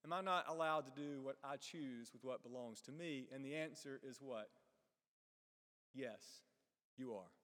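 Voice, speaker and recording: A man's voice: mid-range voice, unhurried, pauses often, a bit bright, in a large hall. A man preaching a sermon. He keeps asking the congregation questions and acts out the characters in the story. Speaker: pastor.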